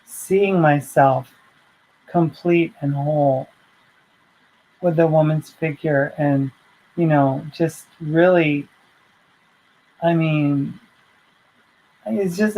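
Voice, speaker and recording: A woman's voice: low-pitched, drawn-out words, pauses often, dark tone, rough recording. A woman vlogger telling a personal story in a heartfelt, rambling way, full of fillers and restarts.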